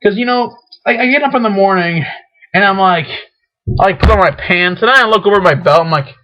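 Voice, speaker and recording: A young man rambling in a casual vlog, excitable and full of restarts, often acting out his own panicked rants. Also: sits high, fast talker. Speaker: vlogger. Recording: dull lo-fi webcam audio.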